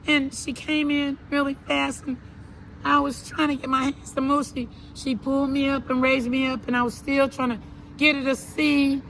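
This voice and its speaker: A woman telling her own story to an interviewer in an earnest, halting way, repeating herself and restarting her sentences. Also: high-pitched, little pitch movement, fairly bright tone, slight background noise, rough recording. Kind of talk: personal account in an interview.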